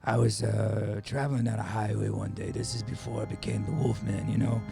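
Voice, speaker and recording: A man playing a boastful werewolf with a growling, gravelly voice who drawls and calls people baby, in an improvised radio comedy. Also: lowish voice, little pitch movement, a little fast. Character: boastful male werewolf, laid-back 1970s hipster. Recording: music playing behind. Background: music.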